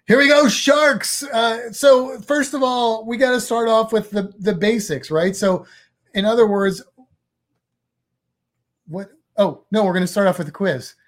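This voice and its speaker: A man hosting a casual quiz chat, reading multiple-choice questions with playful jokes. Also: high-pitched. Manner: playful, jokey quizmaster. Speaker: host.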